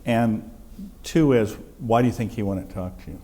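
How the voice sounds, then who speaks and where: A man's voice: lowish voice, normal speed, mellow. A man hosting an onstage interview at a university, asking friendly questions with some joking. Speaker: interviewer and host. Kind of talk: conversational interview. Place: university event hall with a live audience.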